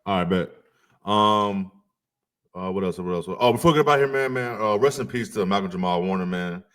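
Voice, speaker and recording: Low-voiced laid-back podcast man. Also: fairly bright tone. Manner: laid-back, swears casually, drawn-out sign-off. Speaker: podcast co-host. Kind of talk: casual chat.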